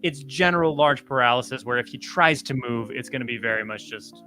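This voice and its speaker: A game master narrates a tabletop scene at a middling pitch. The delivery is halting, with frequent "um" and "uh" while each step is described. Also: music in the background.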